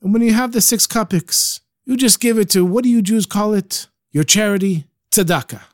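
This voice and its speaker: A man's voice: fairly high pitch, sing-song, moderate pace, no echo, studio quality, voice pushed up. A man voicing a kind, disguised holy man who coaxes and reassures a poor old woman. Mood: coaxing. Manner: coaxing, reassuring.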